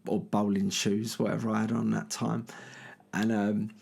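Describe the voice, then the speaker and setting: A man's voice: lowish voice, level tone, normal speed, creaky, a little mellow, slightly rough. A middle-aged man, telling a rambling anecdote full of fillers and restarts. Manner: rambling, filler-heavy, lots of "you know what I mean". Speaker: storyteller. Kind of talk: casual anecdote.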